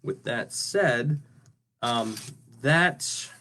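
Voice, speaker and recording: A man's voice: mid-range voice, animated, very slow, sharp tone, slight background noise. A man casually talking through his craft work on a livestream, rambling and often ending sentences with "right?". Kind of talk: casual livestream talk while working.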